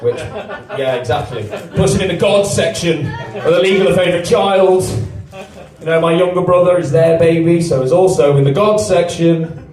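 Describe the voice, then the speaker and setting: A man in his twenties from England doing a stand-up comedy set, deadpan and self-deprecating, with big jumps in pitch on his punchlines. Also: normal speed, crowd noise. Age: 20s. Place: comedy venue with a live audience. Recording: echoey venue, mic at a distance. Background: audience laughter.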